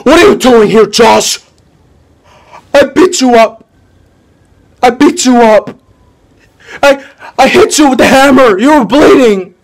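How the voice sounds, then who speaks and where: A man's voice: slow, pauses often, full character voice. An actor playing a frightened, broken young man in his twenties who pleads while crying. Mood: scared. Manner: pleading, sobbing, high and strained.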